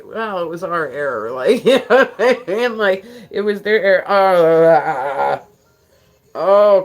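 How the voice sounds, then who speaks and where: New Jersey streamer, loose rambling live chat, mid-range voice. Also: medium pitch. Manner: rambling, filler-heavy, quick to laugh. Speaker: livestream host.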